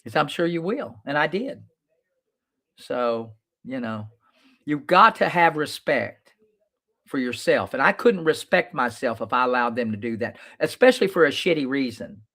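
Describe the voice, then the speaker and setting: A man's voice: medium pitch, expressive, normal speed, sharp tone. A man, a lawyer hosting his own show, talking casually to viewers in a blunt, plain-spoken way, swearing freely and telling stories. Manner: storytelling, reenacts his own past lines.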